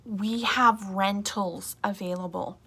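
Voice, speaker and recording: Woman, real estate agent, casual vlog chat, bright voice, rambling asides. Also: mid-range voice, fairly even intonation, slow pace, slightly rough. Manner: chatty and rambling, with frequent asides. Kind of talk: casual talking-to-camera vlog.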